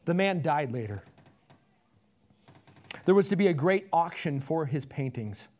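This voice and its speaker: A man's voice: on the high side, lively intonation, a little slow, darkish tone. A male pastor telling an illustration story and closing his sermon with earnest appeals.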